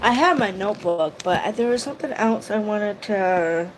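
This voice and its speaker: A woman talks through a casual livestream in an emotional, rambling way, stopping to greet viewers by name. Her voice sits at an ordinary middle pitch. A faint hiss runs under the recording. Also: animated, normal speed. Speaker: YouTube vlogger.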